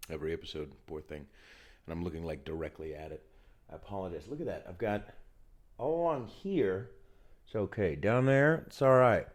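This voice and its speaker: A man hosting a solo podcast, ranting and riffing with lots of profanity while getting over a cold. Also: deep voice. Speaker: podcast host. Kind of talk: solo comedic podcast rant. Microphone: filming himself on camera.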